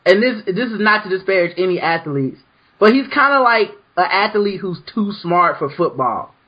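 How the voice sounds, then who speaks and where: A man hosting a casual podcast chat with a high, husky voice. He talks in an animated way and acts out quotes. The sound is dull and lo-fi. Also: normal speed. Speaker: podcast host.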